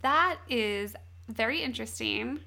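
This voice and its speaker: A woman's voice: a little high, animated, a little slow, gravelly, bright, forceful tone. A woman co-hosting a casual chat, reacting playfully and throwing out guesses. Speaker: podcast co-host.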